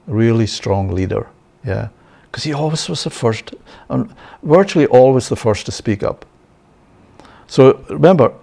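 Brief: male Bible teacher, mid-pitched, conversational sermon with "yeah?" asides. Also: vocal fry, a little mellow. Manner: checks in with frequent "yeah?" and "right?", chuckling.

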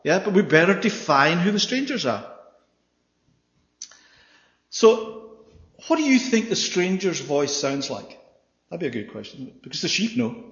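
A man's voice: high voice, very animated, unhurried, pauses often, fairly bright tone. A man preaching a sermon with emphasis, often checking in with his listeners by asking "Yeah?". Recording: echoey hall, dull sound.

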